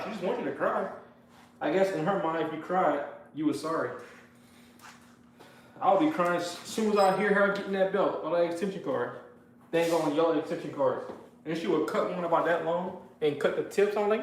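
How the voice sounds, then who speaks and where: In a garage workshop, a man with a voice on the high side live-streams while working, speaking at a normal speed with frequent pauses. The space is reverberant. As host, he tells stories, jokes around with chat, and talks in slang.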